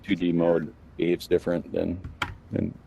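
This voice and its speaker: A man's voice: low-pitched, monotone, normal speed, gravelly, dull audio, a little hiss or hum. A man chatting and joking casually with a group in a virtual reality meetup. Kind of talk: casual group chat in social VR.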